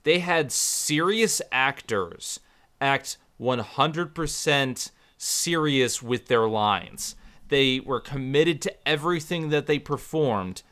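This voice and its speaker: A young man co-hosting a casual film review chat, speaking in a measured, critical way. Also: a little high, fairly bright tone, no room sound. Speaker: podcast co-host.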